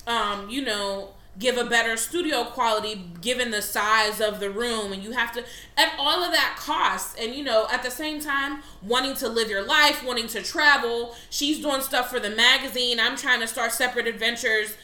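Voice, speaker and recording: A young woman co-hosting a casual podcast, loud and laughing, swearing freely. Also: fairly high pitch, moderate pace, roomy sound. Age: young adult. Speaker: podcast co-host. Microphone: laptop setup in a room.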